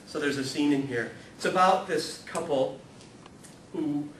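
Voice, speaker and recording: A man gives a lively, self-mocking talk to an audience and shifts into reading passages aloud. His voice carries through a reverberant room, picked up from some distance. A low rumble of noise sits underneath. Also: unhurried. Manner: animated, self-deprecating storyteller, laughs often. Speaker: speaker at a ministry talk series. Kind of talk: humorous spiritual talk with read-aloud passages.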